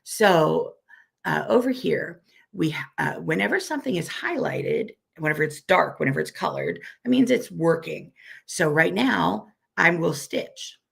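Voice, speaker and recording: Gravelly, hoarse woman teaching live. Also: on the low side, sing-song. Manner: friendly, self-deprecating, repeats steps slowly. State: weak, hoarse voice from recovering illness. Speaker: software instructor. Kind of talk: live online tutorial.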